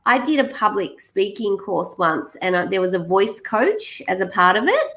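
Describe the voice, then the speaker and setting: A woman's voice: medium pitch, sing-song, moderate pace, fairly bright tone, low-quality recording. An Australian woman hosting a podcast, bubbly and enthusiastic in casual chat. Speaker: podcast host.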